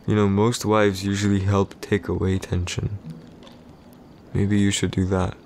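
A low-voiced, jealous warrior husband in a whispered role-play, played by a man. He talks curtly and possessively, close to the ear. A faint hiss of noise sits behind the voice. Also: little pitch movement, unhurried, darkish tone. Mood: grudging. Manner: curt, irritated, possessive, speaks low and close. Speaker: voice actor in a boyfriend roleplay.

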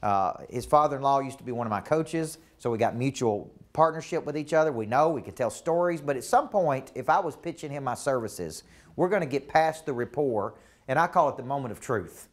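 A business coach with a Southern US accent leads a live coaching seminar, speaking briskly in a mid-range voice with lively intonation. He is emphatic and repetitive, frequently checking that the room is following him.

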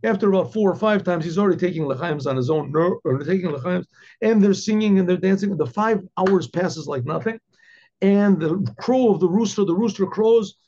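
A man who is a rabbi, telling a story in an animated way and often repeating words. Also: high-pitched, moderate pace. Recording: dull lo-fi recording.

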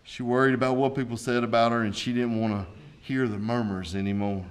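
A man's voice: mid-range voice, little pitch movement, brisk. A man, a pastor preaching a sermon with folksy asides and rising intensity.

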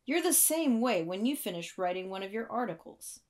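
A woman's voice: medium pitch, sing-song, moderate pace, darkish tone, natural voice. A woman voicing a passionate young composer. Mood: warm. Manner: intense, emotional outbursts.

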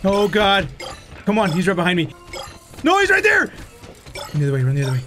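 A man's voice: high-pitched, rapid-fire, soft background music. Panicky screaming man playing a horror game. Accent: Mexican. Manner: screams and swears in panic, switches into Spanish. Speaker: gaming YouTuber. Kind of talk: let's-play commentary.

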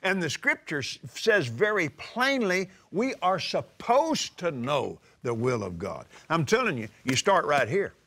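An older man preaching a sermon, emphatic and drawing out scripture quotes slowly. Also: fairly high pitch, sing-song, sharp tone. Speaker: televangelist preacher. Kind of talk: sermon-style teaching.

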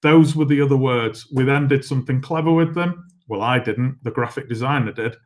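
A middle-aged man, a company chief executive, giving a business masterclass with brisk, self-deprecating anecdotes. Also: medium pitch. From England.

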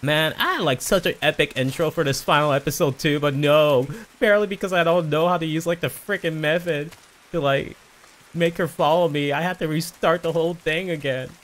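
A man's voice: fairly high pitch, a little fast, fairly bright tone. A man streaming a game in casual commentary from home, rambling, putting himself down and pleading with an in-game companion, on a desk mic with game music behind. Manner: self-deprecating, rambling, pleads with a game character. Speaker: gaming streamer. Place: home room with a TV. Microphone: desk mic on an arm.

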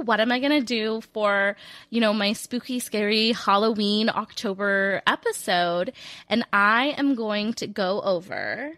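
A woman, co-hosting a casual podcast, chatty and giggly in quick bursts. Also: mid-range voice, pushed and bright, dry recording. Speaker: podcast co-host.

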